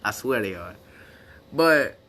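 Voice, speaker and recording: Slangy and rambling, a young man vlogs his way through a personal story, restarting often and quoting back conversations. His mid-range voice is animated yet slow, with a sharp tone, and a bit of hiss or hum sits under it.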